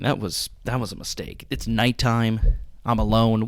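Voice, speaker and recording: A man hosting a reaction video at home at night, rambling and halting as he talks, sounding shaken. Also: fairly low pitch, little pitch movement, dry recording, clean studio sound. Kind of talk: casual reaction commentary.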